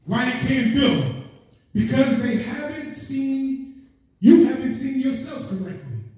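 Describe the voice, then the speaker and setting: A man preaches in an impassioned, repetitive cadence, crying out "oh God" between lines and climbing to shouted peaks. His voice sits very high for a man. The sound is picked up from far off and rings with heavy church echo. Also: sing-song, slow pace. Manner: exclaims "oh God" between phrases. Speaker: guest preacher. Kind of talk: sermon. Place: church sanctuary.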